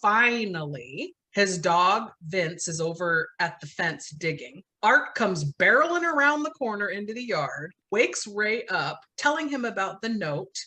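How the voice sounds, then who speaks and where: A woman's voice: medium pitch, sing-song, unhurried, hardly any pauses, bright, forceful tone. A woman podcast host casually recounting a film scene by scene, laughing often. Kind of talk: casual movie recap chat.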